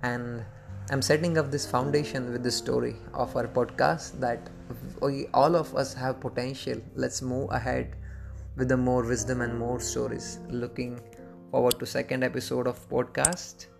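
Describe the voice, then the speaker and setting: Gravelly-voiced man telling a motivational story. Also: medium pitch, little pitch movement, moderate pace, over music. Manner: earnest, simple phrasing with frequent repetition. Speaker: podcast host and storyteller.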